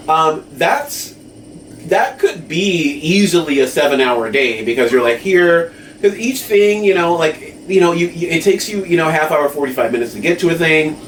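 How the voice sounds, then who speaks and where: A man with a slightly high voice and lively intonation co-hosts a podcast at a moderate pace, rambling casually with lots of fillers and tag questions such as "right?". There's echo from the room, a distant mic, and faint noise.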